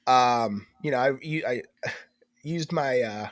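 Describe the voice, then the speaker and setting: A man's voice: medium pitch, slow pace, no echo, studio quality. A man co-hosting a podcast in casual chat, his voice stuffed up and congested, joking as he tells stories. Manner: chatty, joking, lively storyteller. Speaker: podcast co-host.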